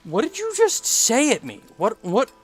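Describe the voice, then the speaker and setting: A man's voice: extremely high pitch, wildly swooping pitch, moderate pace, slightly rough, faint music behind. A man playing a video game and commenting, teasing and taunting the creatures he meets. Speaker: gaming YouTuber. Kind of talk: let's play commentary.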